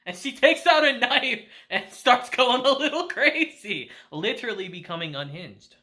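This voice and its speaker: A man casually reviewing an anime episode, animated and slangy, laughing often. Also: very high-pitched, normal speed.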